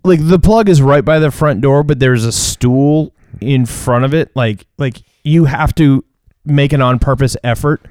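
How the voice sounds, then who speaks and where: Male co-host, mid pitch, smooth, dry close sound, deadpan and chatty. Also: a little slow, few pauses, no echo. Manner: deadpan quips. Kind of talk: casual comedic chat.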